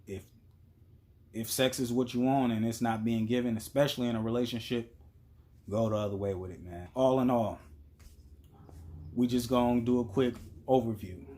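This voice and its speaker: A man's voice: medium pitch, fairly even intonation, normal speed, pauses often, warm tone. A man telling a story in a casual, blunt and profane monologue as a vlogger.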